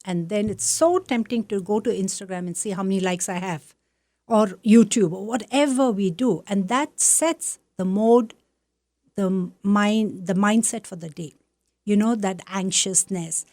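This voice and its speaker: A woman from South India talks as a guest, warmly affirming and explaining meditation like a teacher. Her voice is recorded close and dry, with no room sound. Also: mid-range voice, measured pace, no room sound. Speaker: Buddhist nun, guest. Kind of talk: conversational interview.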